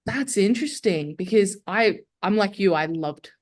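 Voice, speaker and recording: A woman's voice: mid-range voice, animated, moderate pace. A young adult woman, a guest filmmaker chatting casually and candidly on a podcast, full of "like" fillers. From Australia.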